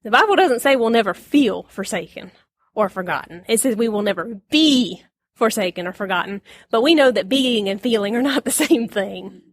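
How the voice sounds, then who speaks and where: A woman giving a casual Bible lesson, chatty and quick to laugh, acting out the lines she quotes. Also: on the high side, lively intonation, dry recording, studio quality. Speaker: Bible teacher.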